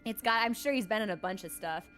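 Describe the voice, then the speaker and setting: A woman streaming a game, chatting casually and telling animated stories full of "like" and quick laughs. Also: mid-range voice, faint music behind. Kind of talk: casual live-stream chat.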